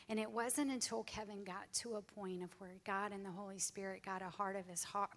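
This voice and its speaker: A woman's voice: medium pitch, steady tone, moderate pace, few pauses. A woman tells her faith testimony to an audience in an earnest, heartfelt way. Her voice sits in a middle register and now and then sinks to a near whisper. The sound carries the long reverb of a large hall. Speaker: guest speaker sharing her testimony.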